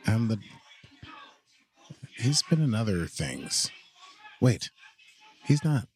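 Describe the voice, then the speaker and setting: A man's voice: on the low side, very animated, slow, a little mellow. A man co-hosting a casual watch-along podcast, playful and jokey, tossing in quoted lines and goofy voices. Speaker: podcast co-host.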